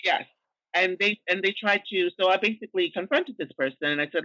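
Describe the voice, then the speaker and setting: A trans woman and drag performer, a podcast guest, frankly retelling her experiences in a lively way with plenty of fillers. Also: on the low side, fairly quick, dry recording, highs cut off. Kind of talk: candid storytelling conversation.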